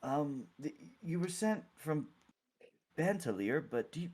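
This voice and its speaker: A man's voice: fairly high pitch, expressive, measured pace, a little mellow, slightly rough, pitched above the performer's own voice. A man voicing a kindly male clergyman who guides visitors, speaking courteously with some stammering.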